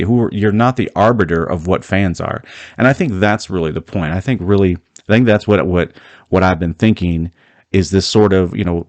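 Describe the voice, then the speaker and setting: A man with a very low voice delivers a heated, emphatic solo commentary, often restarting his sentences as he pushes his point. The sound is close and dry, with no room around it. He comes across as a host fired up about his topic. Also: dry recording.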